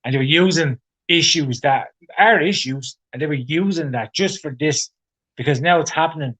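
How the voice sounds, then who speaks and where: A man's voice: fairly high pitch, normal speed, fairly bright tone, poor audio. A man co-hosting a casual podcast, ranting opinionatedly and swearing. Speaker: podcast co-host. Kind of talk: casual chat.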